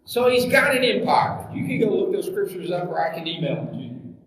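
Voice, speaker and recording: A man's voice: high-pitched, big pitch swings, a little fast, fairly bright tone. A man preaching a sermon as pastor, emphatic, full of rhetorical questions and scripture references, recorded from far off in an echoey hall.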